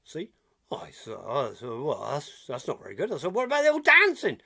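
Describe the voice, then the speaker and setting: A man's voice: on the high side, wildly swooping pitch, fairly quick, bright, forceful tone, full character voice. A man playing a chatty, giggly old countryman with rheumatism, rambling folksy gossip and repeating himself in a comic character video. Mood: gossipy.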